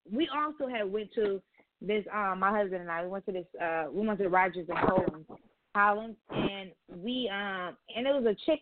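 Fast-talking blunt woman on a phone line. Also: mid-range voice, dry recording. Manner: blunt, profane storytelling. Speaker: podcast co-host. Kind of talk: casual chat. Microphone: phone call. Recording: tinny phone-line sound.

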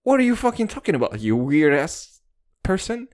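A man's voice: on the high side, sing-song, normal speed. A young man voicing his exasperated mother scolding her son. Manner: blunt, scolding.

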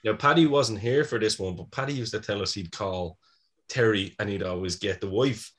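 A man's voice: lowish voice, moderate pace. A man in his fifties with an Irish accent, co-hosting a podcast and telling stories in a casual chat. He laughs often and swears freely. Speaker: podcast co-host.

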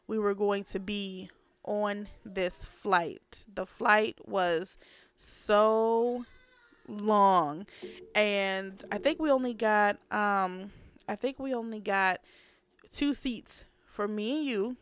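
Clear-voiced woman telling a story on a podcast. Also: mid-range voice, slow pace, no echo. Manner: storytelling, blunt, swearing. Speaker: podcast co-host. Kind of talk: casual chat.

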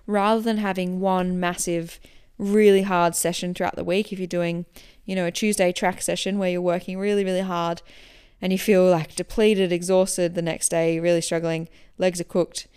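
A woman hosting a podcast, answering listener questions in a relaxed, chatty way that explains as she goes. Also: fairly low pitch, moderate pace, smooth. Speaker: running coach and podcast host.

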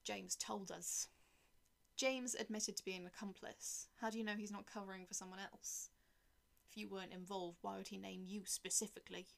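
A woman's voice: mid-range voice, steady tone, normal speed, creaky, fairly bright tone. A woman reading the lines of a middle-aged male detective who presses his questions steadily. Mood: pressing.

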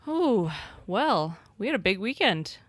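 A woman's voice: medium pitch, very animated, a little slow, husky, no room sound. A woman co-hosting a podcast with her husband in a playful, casual chat. She laughs often and swears. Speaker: podcast co-host.

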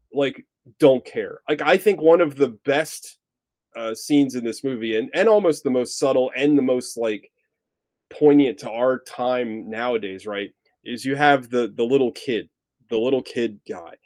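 A man chatting casually about a film, rambling and restarting his sentences with animated asides. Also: medium pitch, measured pace, no room sound. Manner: rambly, self-interrupting, animated. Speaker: podcast co-host. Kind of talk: casual film review chat.

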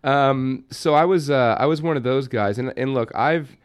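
A man co-hosting a podcast, telling profane anecdotes in an animated, casual way. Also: medium pitch, moderate pace, clear, resonant tone, no echo, studio quality. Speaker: podcast co-host.

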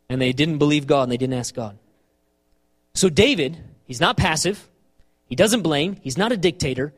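Pastor, male, high lively voice, emphatic sermon delivery with repeated phrases. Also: moderate pace.

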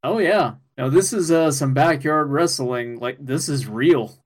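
Excitable man with a higher voice. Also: measured pace. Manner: excitable, swears casually, laughs often. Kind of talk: casual chat recapping an anime episode.

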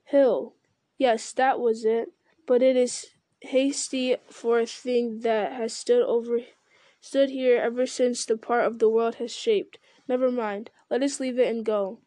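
An ancient, unhurried male tree giant from a storybook, pondering every word and humming to himself, read by a woman. The voice sits fairly high and mellow in a dry, close sound. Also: steady tone, no room sound, lightly acted. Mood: musing. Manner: slow, deliberate, musing with hums. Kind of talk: reading a fantasy novel aloud.

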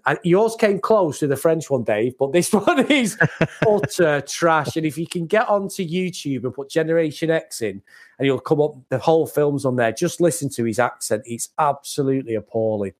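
A man's voice: medium pitch, moderate pace. A man from the UK co-hosting a podcast, chatting casually and laughing often. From United Kingdom. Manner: animated, laughs often, mocking. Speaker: podcast co-host. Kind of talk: casual chat.

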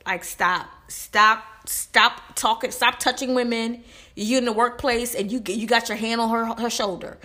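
A woman's voice: on the high side, bright, forceful tone. A young adult woman hosting a podcast, delivering a heated, preachy monologue aimed straight at the men listening. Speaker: podcast host. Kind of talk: opinionated monologue.

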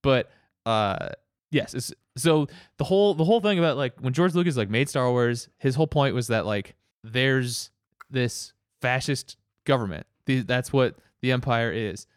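A man chatting casually, rambling with halting restarts and laughing as he goes. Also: mid-range voice, clear, resonant tone, no room sound, studio quality. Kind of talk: casual chat.

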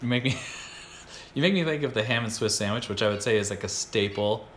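Rambling low-voiced American man. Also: fairly quick, a bit bright, a little hiss or hum. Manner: rambling, self-interrupting, enthusiastic. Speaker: podcast host. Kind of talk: casual chat.

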